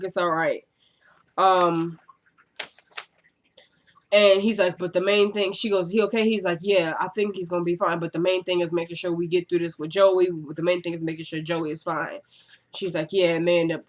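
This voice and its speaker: A woman casually recapping a TV episode, chatting and acting out the characters' lines in quick quotes, with exasperated asides. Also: on the low side, level tone.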